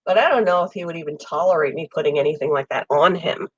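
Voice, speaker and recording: A woman's voice: low-pitched, fast talker, slightly rough, no room sound, dull audio. Woman with a cold, chatting about pets. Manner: rambling, friendly, many ums. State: has a summer cold, coughing. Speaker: pet channel host. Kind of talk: casual live chat with viewers. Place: home room with air conditioner.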